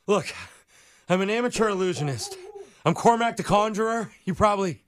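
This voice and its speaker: Prank caller: a man doing a high-voiced, rambling, panicky amateur magician dog sitter. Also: fairly quick, fairly bright tone. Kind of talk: prank phone call.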